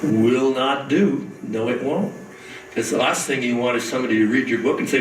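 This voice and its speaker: Guy giving a writing workshop talk, lots of uhs and little jokes, mid-pitched, echoey far-off mic. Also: moderate pace. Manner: rambling, many "uh" fillers, quips to audience. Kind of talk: conference lecture with anecdotes. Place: conference room. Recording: echoey hall, mic at a distance, faint hiss.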